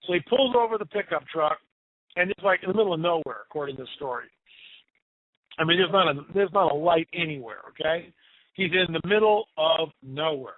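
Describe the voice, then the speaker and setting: A man on a tinny, phone-like line tells eerie tales in an animated, emphatic way, repeating words for effect. His voice sits a bit high, and the sound is dry and close. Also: no room sound. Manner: animated, tells spooky stories with emphatic repetition. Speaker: radio guest storyteller. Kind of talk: casual storytelling on talk radio.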